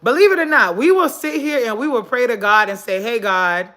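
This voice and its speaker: A woman's fairly high, sing-song, fairly quick and slightly bright voice leads a casual motivational livestream from her phone as she sits on the floor. She's earnest, preachy and repeats her points for emphasis.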